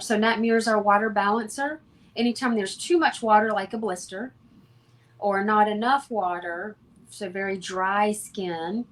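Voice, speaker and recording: Calm and matter-of-fact, a medium-pitched woman offers instructive advice as the homeopath guest in an interview.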